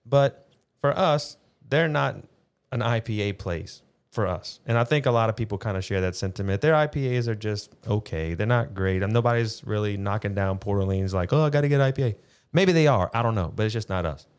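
A man's voice: on the low side, brisk, clear, resonant tone. Laid-back man chatting over beers. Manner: relaxed, storytelling, swears casually. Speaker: podcast co-host. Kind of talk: casual chat.

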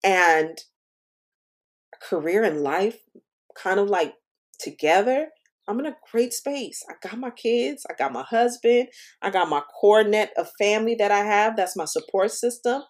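A woman guest on a casual podcast, telling stories in an animated way and calling the listener "girl". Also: mid-range voice, unhurried. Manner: lively, animated storytelling, calls the listener girl. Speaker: podcast guest, stationery shop owner. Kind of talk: casual interview chat.

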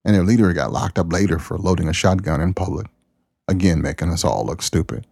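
A man's voice: sits low, fairly quick, vocal fry, a little mellow, slightly rough, no echo, studio quality. A man hosting his own podcast, giving a folksy, preachy monologue in plain, down-to-earth words. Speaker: podcast host. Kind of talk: casual spoken monologue.

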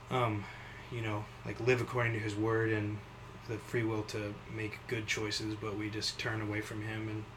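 A man hosting a casual chat podcast, his voice sitting a little low. He rambles through long thoughts with plenty of fillers and now and then jumps into animated impressions of other people. A faint hiss of noise sits under the recording. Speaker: podcast host.

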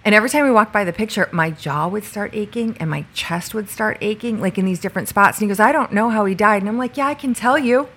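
A woman co-hosting an interview, telling stories casually and acting out the dialogue, sitting in bright sun. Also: mid-range voice, fast talker, few pauses. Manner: animated storyteller, acts out quoted dialogue. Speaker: podcast co-host.

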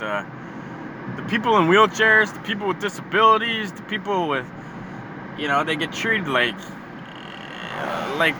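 A man delivering a heated, profane comedic rant, rambling and repeating himself. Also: high-pitched. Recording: street recording with traffic noise. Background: passing cars.

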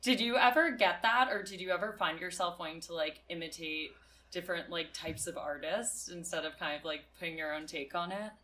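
A woman's voice: lowish voice, brisk, sharp tone, slight background noise. A woman interviewing a guest in a casual, chatty way, asking long, rambling questions.

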